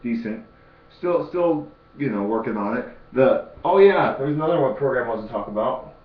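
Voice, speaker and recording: A man's voice: medium pitch, lively intonation, moderate pace, phone-quality sound. A young man talking casually in a video diary, rambling and restarting his sentences. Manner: rambling, repeats words and restarts. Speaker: fitness vlogger. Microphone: computer mic.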